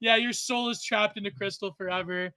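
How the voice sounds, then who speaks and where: High-voiced man rambling on tangents. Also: steady tone, pushed and bright, clean tone. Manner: rambling, quick tangents, laughs often. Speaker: podcast guest. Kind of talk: casual chat.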